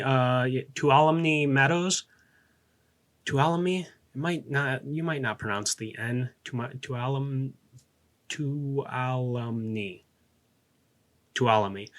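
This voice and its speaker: A man hosting a podcast, reading a true-story script aloud, often tripping over words, restarting, muttering quick asides and drifting into casual commentary. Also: medium pitch, a bit bright. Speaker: podcast host.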